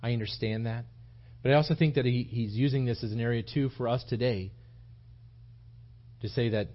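A man's voice: medium pitch, brisk. Guy preaching in a small church, earnest and emphatic, muffled lo-fi recording. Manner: earnest, repetitive, emphatic delivery with frequent restarts. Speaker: pastor. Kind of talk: sermon.

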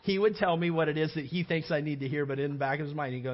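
A man's voice: on the high side, very fast, muffled recording. A male pastor preaching a sermon, acting out everyday scenes with playful shifting voices. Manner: animated, acts out little scenes with shifting voices.

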